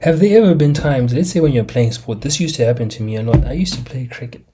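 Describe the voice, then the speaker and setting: Young man from Africa, mellow tone, animated casual monologue on a laptop mic, faint music under it. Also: mid-range voice, fast talker, husky. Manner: animated, emphatic, slangy, rhetorical questions. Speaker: commentator.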